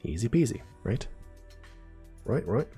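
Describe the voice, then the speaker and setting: This live-stream neuroscience lesson comes from a man whose warm, mid-range voice has a sing-song lilt and a slightly slow pace, with soft music underneath. Chatty and casual, he unpacks terms and keeps checking in with "right?" and "okay?"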